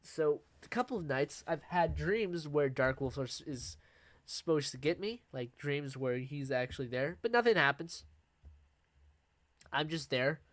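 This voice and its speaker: A man's voice: a little high, animated, a little slow, fairly bright tone, no room sound. A young man casually telling a personal story in a vlog, rambling and restarting as he goes. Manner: rambling, with fillers and restarts, laughing at himself. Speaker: vlogger.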